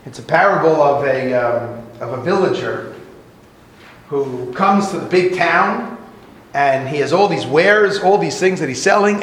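Animated male preacher in an echoey room. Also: fairly high pitch. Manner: animated, conversational storyteller. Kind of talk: sermon with a storytelling parable. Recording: very echoey room, faint noise.

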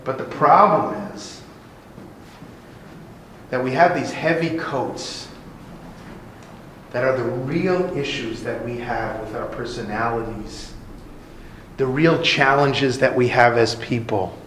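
A man giving a sermon as a religious teacher, telling a parable in an animated, conversational way. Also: mid-range voice, takes it slowly, long pauses. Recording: very echoey room, faint noise.

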